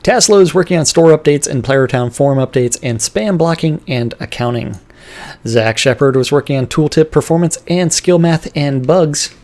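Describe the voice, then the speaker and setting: A man's voice: on the high side, expressive, a little mellow. A man hosting a livestream, reading a list of team updates with casual asides. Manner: brisk list-reading, breaking into laughing banter. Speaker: host.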